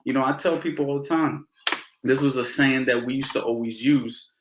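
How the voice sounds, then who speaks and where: Animated slangy boxing coach, roomy sound. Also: male voice, medium pitch, normal speed, background noise. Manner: animated, slangy, repeats phrases for emphasis. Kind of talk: casual Q&A storytelling. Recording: roomy echo.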